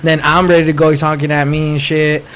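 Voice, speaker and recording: A man's voice: a little high, level tone, fast, fairly bright tone. A young man hosting a casual podcast chat, telling stories in a laid-back way, swearing freely and often restarting his sentences. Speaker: podcast host.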